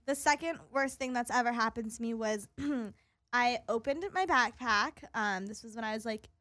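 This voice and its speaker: A woman chatting casually about her job at a store, expressive and swearing freely. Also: a little high, moderate pace. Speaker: store worker. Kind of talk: casual chat.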